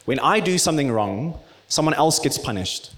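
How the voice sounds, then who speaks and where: A man's voice: lively intonation, moderate pace. Passionate preacher man. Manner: passionate, swings from loud emphatic peaks to hushed low tones. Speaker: pastor. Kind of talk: sermon.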